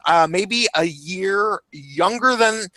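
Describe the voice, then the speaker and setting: A young man with a high, bright voice hosts a loose group chat, telling a story with lots of laughter and sudden leaps in pitch as he acts out quotes. The sound is close and dry, with no room echo. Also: slow pace. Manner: swears casually, laughs often. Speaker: host.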